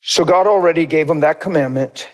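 A middle-aged man delivers a sermon with a somewhat high voice. He tells personal stories with lots of energy and acts out the other people in them with squealing, exaggerated voices. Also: fairly quick. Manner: animated storytelling, acting out voices in high squeals. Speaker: preacher.

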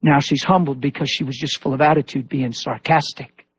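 A male preacher delivering a sermon, telling stories in a lively way and acting out the people he quotes. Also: medium pitch, brisk, husky. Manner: animated storytelling with voiced quotes. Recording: dull lo-fi recording.

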